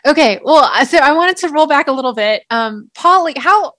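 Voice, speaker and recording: A woman interviewing, asking questions in a curious way with halting restarts. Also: high voice, animated, fairly bright tone, no echo. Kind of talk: casual interview.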